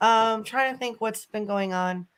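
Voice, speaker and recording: A woman from the Chicago area chats loosely on a live stream panel, swearing freely and breaking into laughs. Her voice sits fairly high. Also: a little slow, a bit bright, clear, resonant tone, poor audio. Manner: chatty, swearing, laughs often. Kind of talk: casual livestream chat.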